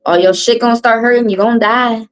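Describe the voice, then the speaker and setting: A woman's voice: on the high side, steady tone, fast, poor audio. A woman hosting a tarot live stream, talking bluntly and profanely in a casual monologue and repeating phrases for emphasis.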